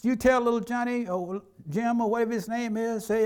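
A middle-aged male pastor preaching in a loose, conversational way. His voice sits a little high for a man, and he slips into acted-out quotes from everyday life as he talks. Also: fairly even intonation, a little fast, hardly any pauses, clear, resonant tone. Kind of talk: sermon.

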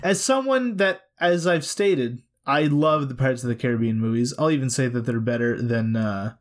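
Animated man in casual movie chat. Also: medium pitch, moderate pace. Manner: animated, exclaims and groans in disgust.

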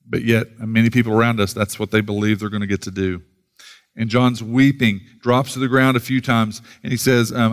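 An American pastor preaches an earnest sermon in an ordinary middle-pitched voice. He reads scripture aloud and tends to repeat a word or two whenever he begins a new thought.

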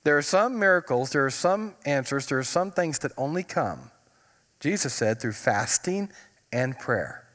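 A man's voice: mid-range voice, very animated, measured pace, a bit bright. A man preaching a sermon as a pastor, telling humorous stories and stretching out words for emphasis. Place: church. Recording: long reverb of a church sanctuary.

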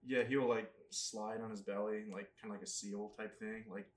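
Low-voiced man, a bit off-mic. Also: steady tone, brisk, recorded from a distance. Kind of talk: casual chat.

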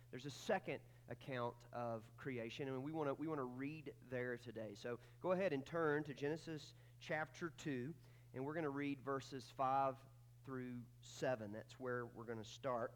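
A man's voice: mid-range voice, a little hiss or hum. A man, preaching a sermon as pastor in a casual, folksy storytelling way with many fillers.

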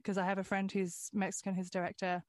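A woman's voice: medium pitch, monotone, fast talker, dry recording, studio quality. A woman in casual chat, talking loosely with frequent restarts.

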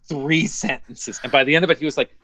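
A young man, an actor, telling anecdotes in a casual, animated way full of fillers. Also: fairly high pitch, brisk, no room sound. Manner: animated, filler-heavy storytelling. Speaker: actor guest.

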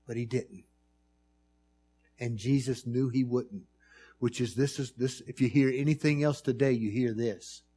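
A male preacher delivering a sermon in a mid-pitched voice. He builds his points through rhythmic repetition, dropping to a hushed plea and then rising to loud, emphatic storytelling. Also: steady tone, a little slow, pauses often, breathy edge.

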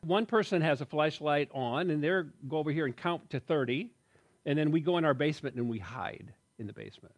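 A man in his sixties giving a sermon, telling a story with jokes and asides in a lively way. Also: a little high, a little fast. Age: 60s. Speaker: pastor.

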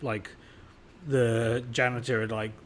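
A man's voice: medium pitch, level tone, slow, slight background noise. A man co-hosting a podcast in casual chat, with dry, self-mocking humor. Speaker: podcast co-host.

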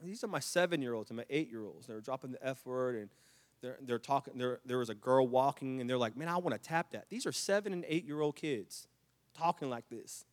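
A middle-aged man preaching a sermon, telling stories with repeated restarts and building to loud, impassioned climaxes. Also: medium pitch, expressive, a little fast, big-room sound. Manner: storytelling with repetitions and restarts. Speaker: pastor.

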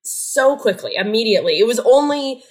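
A woman's voice: a little high, lively intonation, moderate pace, poor audio. A woman guest on a podcast, joking playfully about herself while speaking from her home studio. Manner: jokey, playful, self-mocking. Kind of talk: casual chat.

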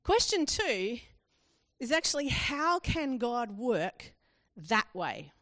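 A woman's voice: fairly high pitch, very animated, takes it slowly, fairly bright tone, no echo, studio quality. A woman preaching a sermon, acting out quoted questions with rising emphasis.

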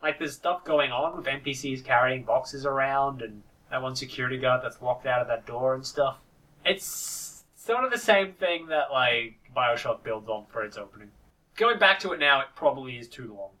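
A man chatting casually about video games, rambling and animated, with quick impressions. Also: mid-range voice, far from the mic, rough recording. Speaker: podcast co-host.

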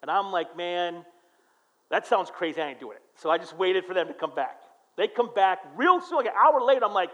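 Middle-aged male pastor, high and very animated sermon delivery, acts out quoted voices. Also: a little fast, highs cut off. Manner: storytelling, lively voices for quoted people, swings from quiet to loud. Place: church.

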